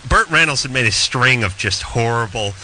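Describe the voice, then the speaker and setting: A man's voice: medium pitch, animated, moderate pace, bright, forceful tone, slight background noise, poor audio. A man hosting a radio talk show in casual chat, blunt and crude, rambling through his points.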